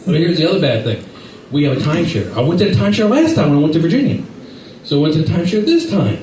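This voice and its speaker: Comic man, a bit high and very lively, rambling stage bits, echoey far-off mic with light noise. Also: rapid-fire. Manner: rambling, animated storytelling with silly voices. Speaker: stand-up comedian. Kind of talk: stand-up comedy set.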